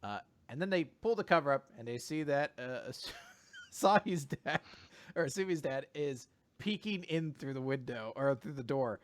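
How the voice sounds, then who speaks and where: This podcast host's voice is medium-pitched at a normal speed. He chats casually while recapping a manga chapter, telling it in an animated way with lots of fillers.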